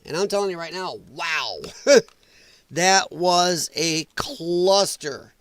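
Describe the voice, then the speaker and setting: Man, livestream host, high strained voice, blunt, swearing, dry close sound. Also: takes it slowly, a bit bright, no room sound. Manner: blunt, opinionated, swears freely. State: strained, damaged voice from breathing trouble. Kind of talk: casual reaction livestream.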